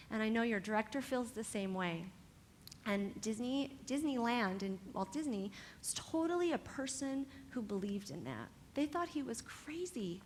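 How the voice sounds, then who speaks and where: A woman from California who teaches dance, giving a motivational talk to young dancers in an animated, encouraging way and speaking straight to the students. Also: on the high side, moderate pace, slight background noise.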